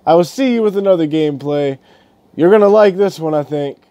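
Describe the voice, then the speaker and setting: A man's voice: on the high side, brisk, mellow, no echo. Brief: young male gaming vlogger, laughing storyteller, dry close sound. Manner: swearing, laughing, rambling storytelling. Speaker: gaming YouTuber. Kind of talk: casual vlog rant.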